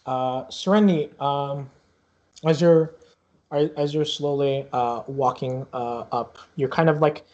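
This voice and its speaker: A man's voice: mid-range voice, steady tone, slow, darkish tone, highs cut off. A man narrating a tabletop game as game master in a rambling, casual way, stacked with fillers and restarts.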